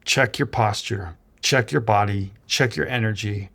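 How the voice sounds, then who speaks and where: A man's voice: on the low side, measured pace, creaky, a bit bright. A man giving an earnest motivational talk as a relationship coach, coaching men with direct instructions. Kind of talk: motivational monologue.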